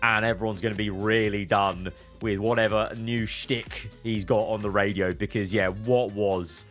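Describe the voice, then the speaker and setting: A man's voice: lowish voice, fairly even intonation, fairly bright tone, faint music behind. Chatty man laughing through meme reactions. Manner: chatty, laughs often, reacts with quick quips. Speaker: channel host.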